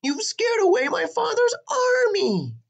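A man's voice: wildly swooping pitch, measured pace, slightly rough, full character voice. A man voicing a spoiled, bratty young princess who shrieks and whines in a storybook reading. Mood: indignant. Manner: shrill, whiny, screaming outbursts.

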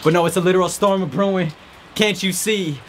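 A man's voice: sits high, steady tone, brisk, a little hiss or hum. A man hosting a podcast, giving an earnest, encouraging faith-based motivational talk while standing outdoors in a rainstorm. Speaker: podcast host.

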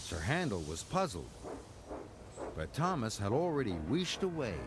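A man reading a children's storybook aloud, slow and expressive. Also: medium pitch. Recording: narration over background music.

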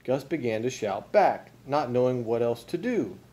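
A man reading a children's storybook aloud as a father, with expressive, unhurried storytelling. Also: mid-range voice.

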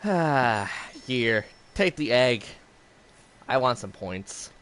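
A man's voice: medium pitch, animated, very slow, fairly bright tone, a little hiss or hum. A man chatting casually in a rambling way while streaming gameplay. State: has the hiccups. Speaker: gaming streamer.

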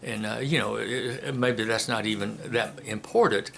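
A man giving a casual spoken commentary and telling a joke in a folksy, unhurried way with many filler pauses. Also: lowish voice, steady tone, vocal fry, fairly bright tone, a little hiss or hum. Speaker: commentator and storyteller.

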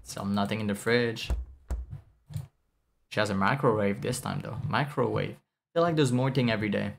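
Low-voiced man with a French accent. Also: normal speed, gravelly, a little hiss or hum. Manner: rambling, chatty, swears, reads chat aloud. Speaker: streamer. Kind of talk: casual gameplay commentary.

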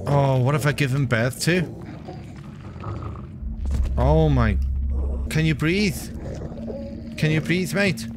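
A man live-streaming a game, commenting in a crude, joking way with excitable outbursts. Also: on the high side, a little slow, long pauses, noisy background.

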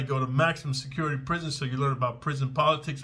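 A husky man with a bright, cutting edge talks to camera in raw, profane street slang. He is blunt and swaggering, drops "man" and "dude" constantly, and punctuates his points with shouted strike sounds. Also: on the high side, fast. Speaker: ex-convict giving prison survival advice. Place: in Manila.

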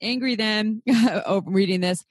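A young adult woman co-hosting a podcast in casual chat, candid, swearing freely and laughing often with animated outbursts. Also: medium pitch, unhurried, no room sound, studio quality. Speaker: podcast co-host.

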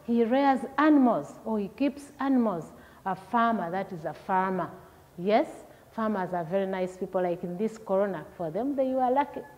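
A woman's voice: mid-range voice, moderate pace, a little mellow. A woman teacher leading a vocabulary lesson for young children, repeating each word and asking questions. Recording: long hall echo, dull lo-fi sound.

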